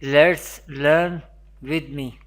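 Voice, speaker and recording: Slow, even-voiced teacher. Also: male voice, on the high side. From Pakistan. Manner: measured, repeats each letter several times. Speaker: Quran teacher. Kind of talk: online recitation lesson.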